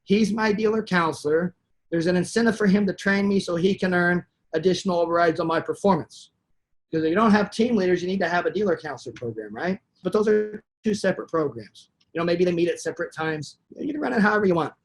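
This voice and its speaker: A man with a slightly raised speaking pitch tells a long sales story on a webinar. He talks in an animated, anecdotal way and acts out the quoted dialogue as he goes. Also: quick pace. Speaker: sales trainer.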